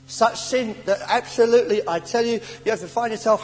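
An English man preaching a sermon in a church, telling stories with animated stammers and sighs. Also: very high-pitched, brisk, hardly any pauses. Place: church hall. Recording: old church sermon tape in a reverberant hall with faint hiss.

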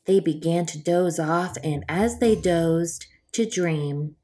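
A woman reading a children's storybook aloud in a gentle, expressive manner, as the host of a storytime channel. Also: on the low side, slow pace. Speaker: storytime reader.

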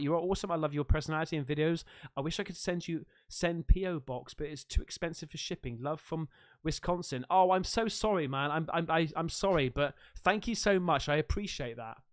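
A man chatting on a livestream, bursting with excitement and casual slang. His voice leaps up and down in pitch as he chats with viewers. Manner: excitable, slangy, swearing, laughs a lot. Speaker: livestream host. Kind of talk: casual live-stream chat.

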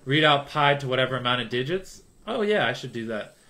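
A young man chatting casually on a livestream, joking with his chat, swinging between loud hype and low mumbles. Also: expressive, a little fast.

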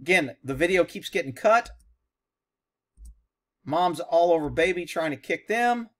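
A man's voice: on the high side, lively intonation, a little slow. A man, a horse trainer, giving blunt, sarcastic reaction commentary over a video.

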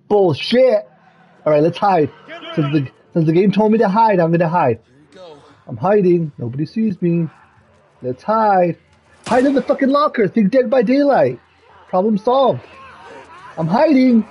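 A man streaming a video game, swearing, yelling and pleading at the screen in frustration. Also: high-pitched, a little hiss or hum. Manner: profane, yells and pleads at the game. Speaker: gamer streamer. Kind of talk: live gameplay commentary.

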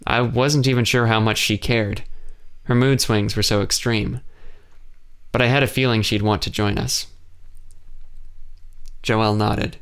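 Smooth-voiced man narrating an audiobook. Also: fairly low pitch, fairly even intonation, measured pace, pauses often, fairly bright tone. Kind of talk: scripted first-person narration.

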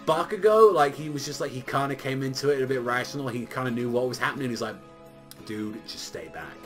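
A young man giving a casual, animated manga chapter review, full of swearing and filler words, with faint music behind him. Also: mid-range voice, fast talker. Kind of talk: casual solo review commentary.

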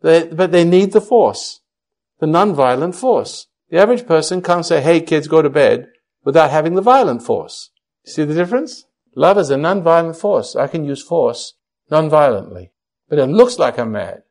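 A man's voice: medium pitch, gravelly, darkish tone. An older man counseling a caller, blunt and teasing. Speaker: spiritual teacher answering a caller. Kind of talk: counseling on air.

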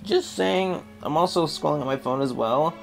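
A young man giving casual, rambling commentary over a retro game, swinging from mumbling asides to loud excited outbursts. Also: fairly high pitch, moderate pace, vocal fry, music in the background. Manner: rambling, excitable, yelps and laughs when the game goes wrong. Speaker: gaming video creator.

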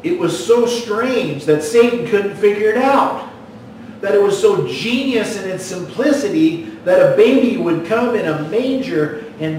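A man's voice: high-pitched, a little mellow, very echoey, recorded from a distance, a little hiss or hum, rough recording. A man preaching a sermon as pastor, folksy and storytelling, with a joke that he acts out in voices. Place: church sanctuary.

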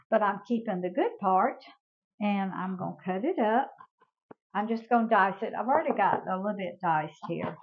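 An older woman hosts a casual home cooking demonstration in a medium-pitched voice, the audio dull. She's chatty and homey, calling her viewers y'all.

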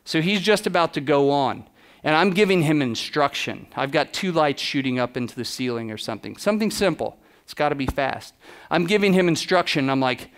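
A man giving a keynote talk as a photographer, telling lively anecdotes and acting out the exchanges he quotes. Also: a little high, fairly quick. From United States. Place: conference stage.

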